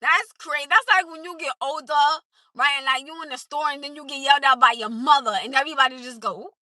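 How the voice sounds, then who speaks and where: A woman chatting casually on a livestream from her car, laughing often as she tells animated stories. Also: high voice, fast talker, no echo. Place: in a car at a drive-through.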